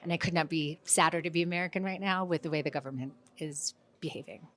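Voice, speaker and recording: A woman giving an emotional, earnest statement to reporters at a film festival, halting as she speaks. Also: low voice. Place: public event, film festival. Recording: archive clip with loud crowd behind. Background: loud crowd noise.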